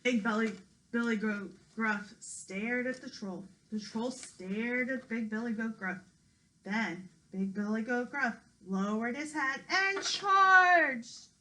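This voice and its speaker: A woman, a preschool teacher, reading a picture book aloud to young children with expressive, sing-song storytelling. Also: fairly high pitch, slow, low-quality recording. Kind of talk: children's read-aloud narration.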